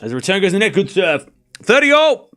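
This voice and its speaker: A high, bright-voiced man streams live tennis commentary, calling out the score and chatting with his viewers. His voice swings widely in pitch, and he gets excitable and loud at the big points. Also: very fast.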